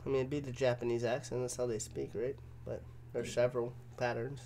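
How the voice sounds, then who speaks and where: A man's voice: medium pitch, little pitch movement, fairly quick, warm tone, slight background noise. A young man co-hosting a casual livestream, reading out chat questions and teasing his partner. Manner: joking, teasing banter. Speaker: livestream co-host.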